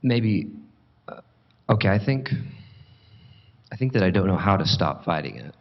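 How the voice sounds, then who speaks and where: A man, a student at a talk, asking a question hesitantly and haltingly. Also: low-pitched, very animated, gravelly. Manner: hesitant, halting, many fillers and restarts. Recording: dull recording in a long-echoing hall.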